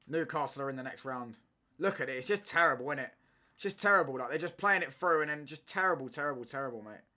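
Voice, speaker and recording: A man's voice: mid-range voice, fast, pushed and bright. A young man, chatting casually through a football watchalong stream in slangy banter, ending lines with "mate" and "bro".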